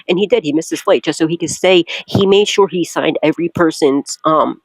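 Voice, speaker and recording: A woman's voice: sits low, quick pace, few pauses, breathy edge, no echo, low-quality recording. Woman, young adult, tarot reader, casual storyteller, laughs a lot, swears, dry close sound. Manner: loud, laughs often, swears freely.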